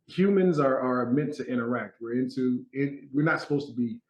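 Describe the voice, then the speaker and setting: A man's voice: medium pitch, moderate pace, roomy sound. A man being interviewed as a guest actor, telling stories casually and acting out quotes. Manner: animated storyteller, acts out quotes, laughs often.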